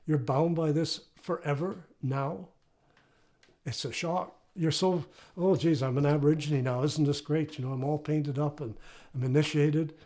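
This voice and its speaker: His voice sits a little high and has a slightly mellow quality. He's an older Canadian man, a retired professor, casually recounting a personal story in an interview and often tossing in "right?".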